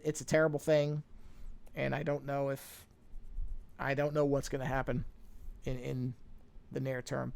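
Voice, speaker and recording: A man's voice: mid-range voice, creaky, darkish tone. A man chatting casually while drawing on a live stream, rambling and self-deprecating as he talks himself through his work on a podcasting microphone.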